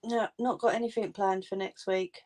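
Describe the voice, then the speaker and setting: A woman's voice: mid-range voice, steady tone, moderate pace, darkish tone. A woman chatting casually and informally with viewers on a home crafting livestream, laughing often.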